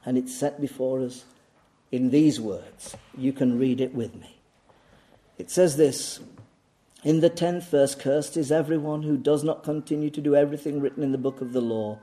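Speaking in a steady, mid-range voice at normal speed, a man delivers an insistent sermon. He repeats key words for emphasis, puts rhetorical questions to the congregation, and switches between raised urgency and quiet asides.

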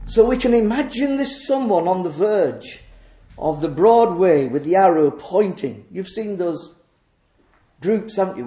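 Gravelly, earnest male preacher. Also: a little high, mellow. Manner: earnest, vivid storytelling. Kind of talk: sermon. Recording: echoey room.

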